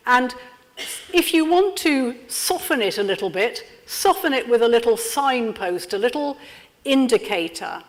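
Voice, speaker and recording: A woman leading an interactive training workshop, lively and constantly checking in with her audience. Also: fairly high pitch. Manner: lively, checks in with frequent "yeah?". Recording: lecture room with long reverb.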